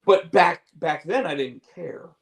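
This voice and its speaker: Heard on a rough recording, a male podcast co-host speaks at a measured pace in a high-sitting, creaky voice. He rambles in casual, candid chat, restarting, repeating words, using fillers, and swearing.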